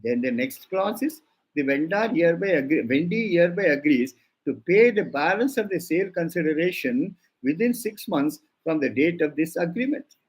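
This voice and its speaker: An older man with an Indian English accent lectures law students on legal drafting, dictating clauses and emphatically repeating key words for them to note. His husky voice is on the high side, animated and at normal speed. The audio is poor.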